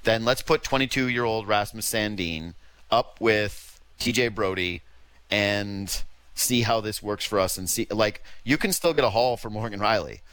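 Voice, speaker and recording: A man with a Canadian accent co-hosting a sports radio show, talking animatedly in quick bursts and acting out imagined quotes. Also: lowish voice, a bit bright, smooth, dry recording. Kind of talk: casual sports talk.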